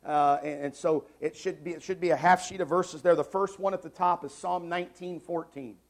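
A man in his forties gives an emphatic church sermon with a slightly high voice. He hammers his points home by repeating short phrases and moves between quiet asides and loud declarations. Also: steady tone, brisk. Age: 40s. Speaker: pastor. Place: church sanctuary.

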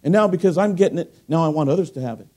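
A middle-aged man delivers a sermon in a fairly high voice that still sounds mellow and dark in tone. He swings between loud, emphatic bursts and low, hushed asides. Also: expressive, racing. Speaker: preacher.

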